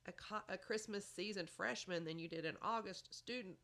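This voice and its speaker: A woman's voice: medium pitch, normal speed, pushed and bright. A woman giving motherly advice in a chatty podcast conversation, often saying "you know". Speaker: podcast guest. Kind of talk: casual advice chat.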